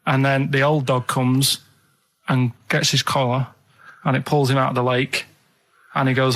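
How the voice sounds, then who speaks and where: A man's voice: medium pitch, level tone, moderate pace, pauses often, a bit bright. A man with a Northern English accent, telling a story in a plodding, matter-of-fact way as a regular on a radio show in a studio. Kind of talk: casual storytelling.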